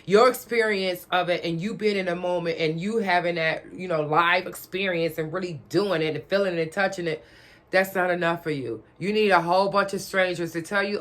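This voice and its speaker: A woman's voice: fairly low pitch, a little fast, a bit bright. A woman giving a blunt, profane, lecturing rant straight to her audience, repeating her questions for emphasis. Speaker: vlogger. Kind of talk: direct-to-camera rant.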